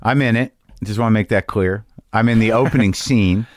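A man's voice: fairly low pitch, a little fast, no echo. Dry-voiced rambling podcast host, a man. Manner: rambling, self-deprecating, animated asides. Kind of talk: casual podcast chat and monologue.

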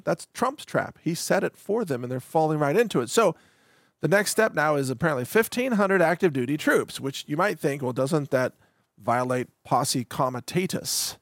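Man, gravelly voice, dry close sound, sarcastic political rant, laughs at his own points. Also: a little high, no echo. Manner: mocking, laughs often, rambling asides. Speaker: podcast host.

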